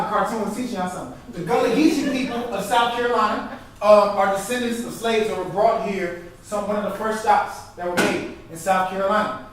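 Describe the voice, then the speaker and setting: In a lecture hall before a live audience, a performance poet gives an artist talk, teaching call-and-response style and prompting listeners to finish his phrases. He has a high voice, there's slight background noise, and the recording is echoey and taken from far off.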